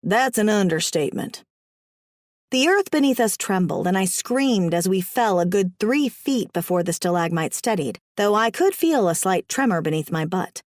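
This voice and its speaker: A woman narrates a first-person audiobook with wry, expressive comic timing. Her voice sits in a middle pitch range, and the sound is dry and close. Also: moderate pace, hardly any pauses, no echo.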